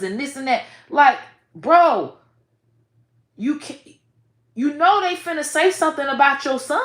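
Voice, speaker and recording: A woman giving blunt, profane commentary with sudden loud outbursts. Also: sits high, measured pace, reverberant. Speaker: online commentator. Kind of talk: casual commentary.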